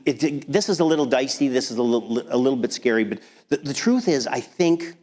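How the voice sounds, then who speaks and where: A man preaching a sermon as pastor, talking in a conversational, animated way with frequent restarts. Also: mid-range voice, fairly quick. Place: church sanctuary. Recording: long hall reverb.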